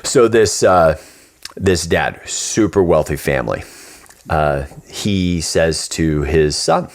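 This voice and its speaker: A man with a notably low, deep voice hosts a podcast in a relaxed, conversational way. He tells stories with energy, slipping into voices for the characters, then turns earnest as he offers advice. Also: slow pace. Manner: animated storyteller, acts out the characters. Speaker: podcast host. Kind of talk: casual storytelling chat.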